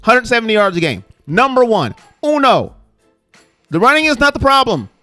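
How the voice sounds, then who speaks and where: A man hosts a live sports fan stream in a bright, high voice, hammering his points home through repetition. The sound is dry and close, with faint music underneath. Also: normal speed, dry recording. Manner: emphatic, repeats points, animated. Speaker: sports show host. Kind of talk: live-stream fan show, reading chat.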